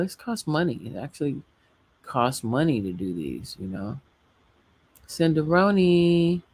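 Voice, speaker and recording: Middle-aged woman, livestream host; chatty and rambling, with a gravelly edge. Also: low voice, no echo. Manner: chatty, rambling, laughs often. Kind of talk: casual livestream chat.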